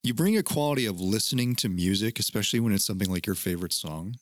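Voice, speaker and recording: A man's voice: lowish voice, expressive, fast, no room sound, studio quality. A man hosting a casual podcast chat, talking in an earnest, teacherly way and swearing now and then. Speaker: podcast host.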